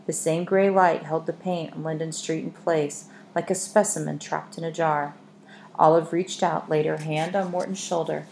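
A woman reading a story aloud in measured scripted narration, in an echoey room with faint hiss. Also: sits low, little pitch movement, gravelly, darkish tone. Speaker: audiobook narrator.

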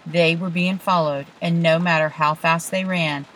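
A woman reads a children's story aloud in a hushed, suspenseful manner. Her voice sits on the lower side. A faint hiss runs under the recording. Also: steady tone, a little slow, low-quality recording. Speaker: narrator. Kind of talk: storybook reading.

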